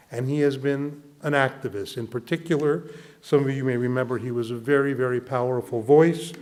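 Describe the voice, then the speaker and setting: A man, a rabbi, giving a formal introduction of a guest speaker and reading quotations aloud in a measured way. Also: mid-range voice, a little mellow.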